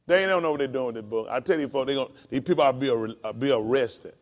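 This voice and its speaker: A male pastor preaching a sermon. He calls out to the congregation and climbs into high, emphatic, drawn-out lines. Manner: calls to the congregation with "come on" and "y'all".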